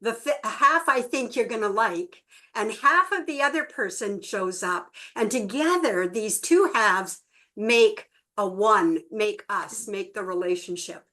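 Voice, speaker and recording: With a mid-range voice and measured delivery, a middle-aged woman relates stories as co-host of a relationship workshop. The talk to her small group is easygoing, and she animates the voices of those she quotes.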